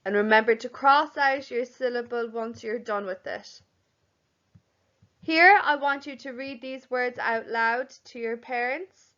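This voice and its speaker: A young woman teacher giving a recorded lesson to young children, speaking slowly and clearly and sounding out words. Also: a little high, fairly bright tone. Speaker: primary school teacher. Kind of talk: recorded home-learning lesson. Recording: slightly dull, lo-fi audio.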